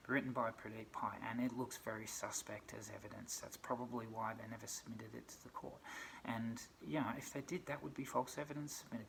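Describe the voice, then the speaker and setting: A middle-aged Australian man speaking in a gravelly voice that stays flat in pitch. He rants with frustration and throws out one rhetorical question after another, with a faint hiss of noise behind him. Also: poor audio. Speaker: vlogger. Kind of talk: aggrieved personal rant.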